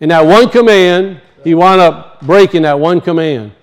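A man delivers an emphatic sermon. He slows down to teach the meanings of words and drops his voice low and soft to give moments weight.

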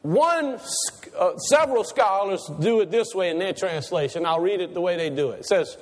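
A man's voice: high-pitched, lively intonation, normal speed, hardly any pauses. A man preaching a sermon to a congregation, asking them questions and repeating his points for emphasis. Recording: reverberant church hall.

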